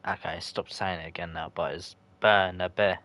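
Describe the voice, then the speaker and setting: Low-voiced man streaming a football game. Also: fairly even intonation, normal speed, fairly bright tone. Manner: chatty and loose, answers chat viewers by name; jokey, slangy, swears when frustrated. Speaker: live streamer playing a football video game. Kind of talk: casual live-stream commentary, reacting to chat.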